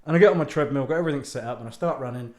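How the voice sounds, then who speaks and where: On his own podcast, a UK author and host rants and rambles in a casual monologue, mocking himself and swearing liberally. His medium-pitched voice is a little mellow and races along, recorded in an echoey room.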